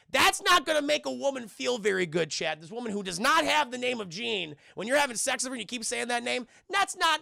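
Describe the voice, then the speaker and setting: Guy riffing on a movie to his stream chat, super gravelly, bright voice, bouncy delivery. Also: sits high, no echo, studio quality. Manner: animated, addresses chat constantly, crude jokes, acts out characters. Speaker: film reviewer streaming to live chat. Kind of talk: casual comedic scene-by-scene film recap.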